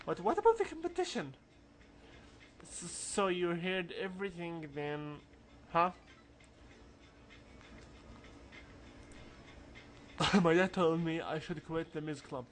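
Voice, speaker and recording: A man's voice: on the high side, animated, normal speed, fairly bright tone. A man voicing a stammering, fretful schoolboy. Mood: flustered. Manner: reads game dialogue aloud with a put-on accent, stumbling and stammering. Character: anxious teenage schoolboy in the music club. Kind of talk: reading game dialogue aloud.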